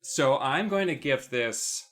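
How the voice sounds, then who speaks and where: Bright-voiced male podcast co-host. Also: medium pitch, expressive, slow pace. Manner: rambling storyteller with many fillers. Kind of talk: casual chat.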